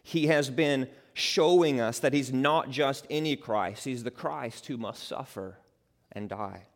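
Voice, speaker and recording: A male pastor preaching a sermon, moving from a quiet prayer to emphatic, rising preaching. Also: mid-range voice, measured pace. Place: church. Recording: long reverb of a large hall.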